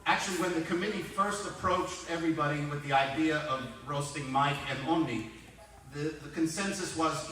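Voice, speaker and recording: A man's voice: on the high side, normal speed. A man in his sixties giving a roast speech, telling dry, self-mocking anecdotes. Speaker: roast speaker. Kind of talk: roast comedy storytelling. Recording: echoey hall from far off, loud noise.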